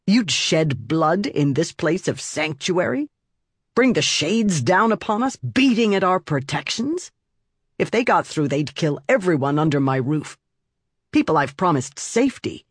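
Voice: medium pitch, expressive, moderate pace, slightly rough, no room sound, clean studio sound. A narrator doing stern innkeeper Silence. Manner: stern, sharp scolding. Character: stern woman innkeeper guarding her home.

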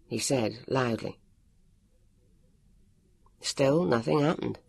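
Slow expressive narrator for a storybook, husky, close and dry. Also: medium pitch, dry recording.

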